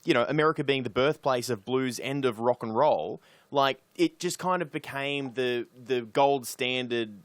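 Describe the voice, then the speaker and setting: A man's voice: medium pitch, normal speed, few pauses, no room sound. Opinionated Australian man, dry sound. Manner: sweary, rambling, opinionated. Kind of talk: casual chat.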